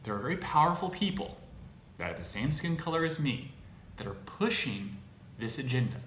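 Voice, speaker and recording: Halting man with a bright voice. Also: medium pitch, very animated. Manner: halting, restarts phrases, exasperated. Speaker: podcast host. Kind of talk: casual monologue. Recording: echoey room with faint noise.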